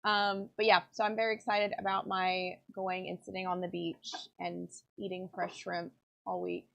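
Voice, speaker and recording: A woman's voice: on the low side, level tone, normal speed, gravelly, a bit bright. A woman rambling casually with plenty of fillers while she works in her pen workshop. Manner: rambling, chatty, many fillers. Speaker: pen maker and channel host. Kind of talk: casual chat while working. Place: home workshop. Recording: dull lo-fi sound.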